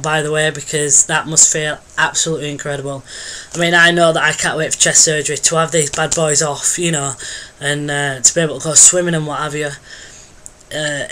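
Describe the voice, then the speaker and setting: Bright-toned young man, rambling. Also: on the high side. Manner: rambling, hesitant, many ums and restarts. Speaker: vlogger. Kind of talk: casual video diary update.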